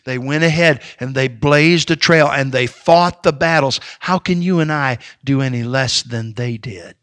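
Forceful man preaching with fiery swings. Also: medium pitch, normal speed. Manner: impassioned preaching that swings between shouts and hushed tones. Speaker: Baptist preacher. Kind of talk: sermon.

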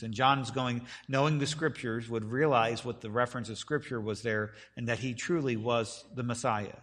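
A man preaching a sermon to his congregation, swinging between loud emphatic declarations and hushed pleading. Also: mid-range voice, steady tone, normal speed, hardly any pauses, long reverb tail. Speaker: pastor.

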